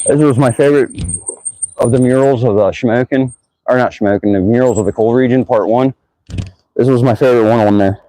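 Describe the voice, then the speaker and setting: A man with a mellow, dark voice chats in an easygoing way while exploring streets on a bike. The sound is dry and close, picked up by a camera on the bike outdoors. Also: mid-range voice, fairly quick, no echo, low-quality recording. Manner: easygoing, chatty, muses aloud. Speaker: vlogger exploring town by bike. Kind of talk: casual narration while riding.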